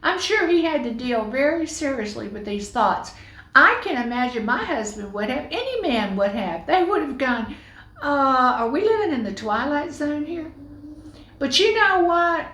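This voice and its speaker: A woman preaching a Christmas sermon, telling the story with lively, playful asides. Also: a little high, echoey room, low-quality recording.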